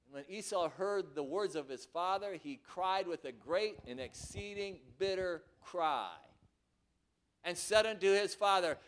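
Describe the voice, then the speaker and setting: A man preaching a sermon, acting out scripture voices and swinging from quiet asides to loud, dramatic passages. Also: high-pitched, animated, unhurried.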